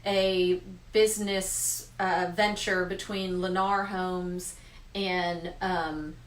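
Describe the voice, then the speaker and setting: A woman's voice: fairly low pitch, level tone, extremely slow. A woman co-hosting a casual chat as a realtor, agreeable and chatty, with frequent fillers. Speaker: realtor co-host. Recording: echoey room.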